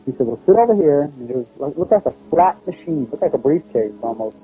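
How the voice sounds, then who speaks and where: A man telling a personal story in a plain, halting, conversational way. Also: mid-range voice, animated, phone-quality sound, faint music behind. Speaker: storyteller recounting a personal experience. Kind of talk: first-person spoken recollection.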